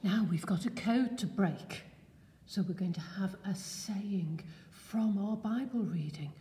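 A woman's voice: mid-range voice, slow, dark tone. Woman leading children in a big echoey church. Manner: sing-song, coaxing questions to children. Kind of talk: children's activity session. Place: large church building. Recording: echoey church hall, slight noise.

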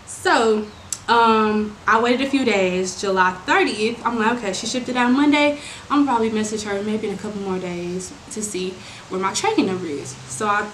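A young adult woman telling a storytime to viewers, animated and exasperated, talking in slangy, casual speech. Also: medium pitch. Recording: roomy with steady background noise.

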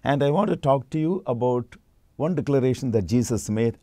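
Mellow-voiced man giving a sermon. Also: medium pitch, expressive, dry recording. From India. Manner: measured teaching, slow and deliberate. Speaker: preacher.

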